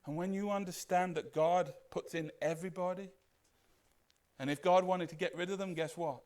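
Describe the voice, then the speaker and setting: A man preaching a sermon as pastor, animated and putting questions to the congregation. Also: sits high, moderate pace.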